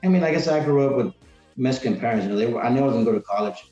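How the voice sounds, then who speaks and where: A man's voice: medium pitch, expressive, racing, warm tone, faint music behind. Man around forty rambling along in a podcast chat, lots of restarts, roomy kinda dull sound. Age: 40s. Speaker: podcast guest, retired Marine. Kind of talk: casual interview chat.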